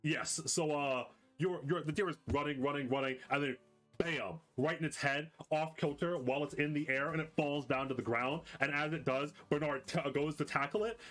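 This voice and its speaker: A man's voice: a little high, moderate pace, fairly bright tone, faint music behind. A man narrating a tabletop game as game master in a casual, rambling way with many fillers.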